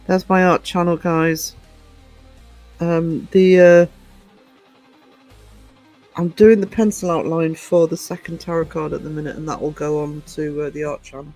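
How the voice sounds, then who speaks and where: British man, rambling livestream chat, a touch high-pitched, faint music behind. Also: level tone, unhurried, pauses often, darkish tone, low-quality recording. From United Kingdom. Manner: chatty, rambling, digressive. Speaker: YouTube channel host.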